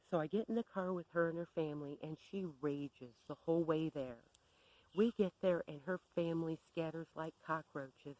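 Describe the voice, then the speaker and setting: A woman's voice: low voice, a little mellow, rough recording. A woman telling a story to camera in a sardonic, exasperated rant. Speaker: vlogger.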